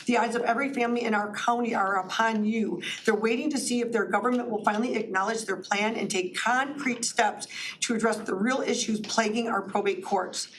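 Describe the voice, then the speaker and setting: A woman's voice: on the high side, fairly even intonation, a little fast, fairly bright tone, distant mic, a little hiss or hum, low-quality recording. A woman speaking during public comment at a county board meeting, impassioned and pleading, rambling with restarts.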